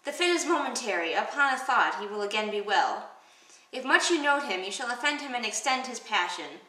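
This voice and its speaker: A woman voicing an exasperated, sharp-tongued noble queen with a scornful manner. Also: a little high, lively intonation, fairly quick. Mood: commanding. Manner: scornful, valley-girl slang paraphrase. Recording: echoey room, distant mic.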